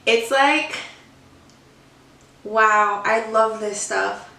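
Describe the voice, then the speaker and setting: A young woman with a high, bright voice chats her way through a snack-tasting vlog, easily excited and gushing over what she tries. She talks slowly and sits a bit back from the mic in a roomy space. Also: creaky, far from the mic. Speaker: vlogger. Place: room at home.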